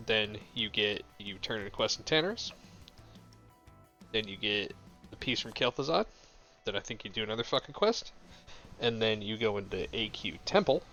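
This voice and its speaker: A man streams a game live, talking into a desk mic with a somewhat low but bright, forceful voice. He explains things in a loose, rambling way and peppers everything with swearing. Faint game music plays underneath. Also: expressive, normal speed, long pauses, highs cut off. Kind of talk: casual live gameplay commentary.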